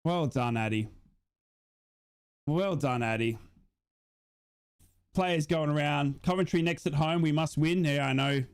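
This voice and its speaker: A young man runs a live football watch-along, calling the action as an emotional, swearing fan. His voice sits high for a man. He talks straight to his viewers throughout the stream. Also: a little slow, pauses often, smooth.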